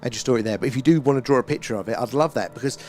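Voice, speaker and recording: A man's voice: mid-range voice, racing, darkish tone. A middle-aged man hosting a live stream, chatting casually and reading viewer comments, rambling with fillers and frequent laughs.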